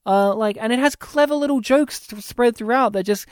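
A man's voice: very high-pitched, normal speed, clean tone, dry recording, studio quality. A man hosting a casual movie review chat, enthusiastic and rambling. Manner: enthusiastic, rambling, quotes lines in funny voices. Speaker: podcast host.

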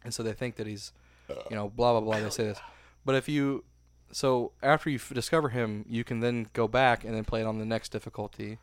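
Man, casual podcast chat, rambling storyteller, smooth clear voice, dry close sound. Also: mid-range voice, fairly even intonation, brisk, no room sound. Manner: rambling storyteller, trails off with "or whatever".

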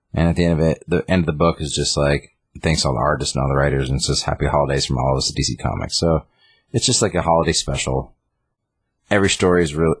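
There's a breathy edge to this comic book reviewer's very deep voice as he loosely recounts a comic's plot. He rambles with plenty of fillers in casual chat, and there's no echo at all.

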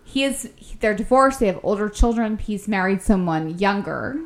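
A woman co-hosting a casual chat, expressive and frank, swearing freely as she talks. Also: mid-range voice, moderate pace. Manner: expressive, swears casually, talks about her four kids. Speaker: podcast co-host.

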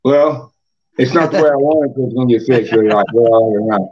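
A man's voice: mid-range voice, fast. Cursing, rambling man. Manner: rambling, heavy cursing, filler "man" and "you know". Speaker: podcast guest, moonshiner. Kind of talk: casual storytelling. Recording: dull lo-fi podcast audio.

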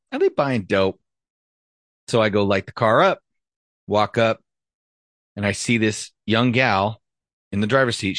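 Speaking in a fairly low voice with a rather bright tone, this podcast host and former cop recounts an incident from his police days. The delivery is casual, blunt, and full of swearing, captured in a dry recording.

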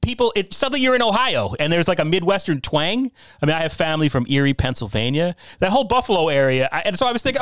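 A man's voice: a little high, very animated, quick pace, few pauses, fairly bright tone, dry recording. A middle-aged man from the New York area hosts a podcast in loose, rambling talk. He is self-deprecating and restarts his sentences often. The recording is dry and close. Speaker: podcast host.

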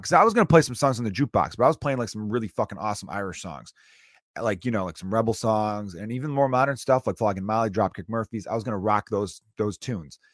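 A man's voice: fairly low pitch, expressive, fast talker, no room sound, clean studio sound. A man hosting a podcast, ranting in a casual, profane, exasperated way. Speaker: podcast host. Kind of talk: casual solo rant.

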